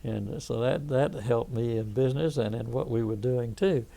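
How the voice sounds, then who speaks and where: A veteran in his eighties with a Southern US accent rambles through anecdotes in an oral history interview, often restarting his sentences. His mid-range voice is mellow with vocal fry, and he talks at normal speed.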